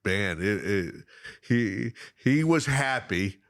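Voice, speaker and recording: A middle-aged man telling fishing stories in casual chat, animated and laughing often, acting out the other people in them. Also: on the low side, slow pace, no echo, clean studio sound. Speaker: guest. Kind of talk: casual storytelling.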